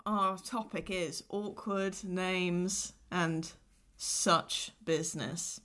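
A woman's voice: on the low side, steady tone, drawn-out words, fairly bright tone. A young woman hosting a casual podcast chat, chatty and playful. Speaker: podcast host.

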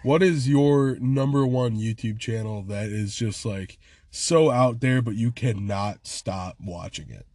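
A man's voice: medium pitch, unhurried, a little mellow, no echo. A man co-hosting a casual podcast, talking in slang, calling his friend "dog" and "bro", and swearing freely. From Michigan. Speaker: podcast co-host.

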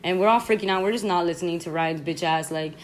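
A young adult woman hosting a podcast, telling a story in casual, slangy chat, sleepy and yawning but animated and laughing often. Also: on the low side, fast, a little hiss or hum. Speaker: podcast host.

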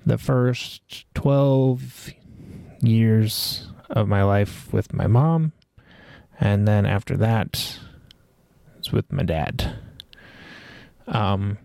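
A man's voice: fairly low pitch, vocal fry, dark tone, no room sound, studio quality. A man in his forties hosting a podcast, reflecting on his life in a rambling way with many fillers and restarts. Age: 40s. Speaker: podcast host. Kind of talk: personal reflective monologue.

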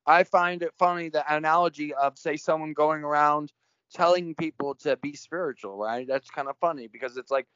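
A man's voice: a little high, moderate pace, a bit bright, clean tone, no echo. A man hosting a casual spiritual conversation, playful and joking, laughing often. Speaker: podcast host. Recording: dull lo-fi sound.

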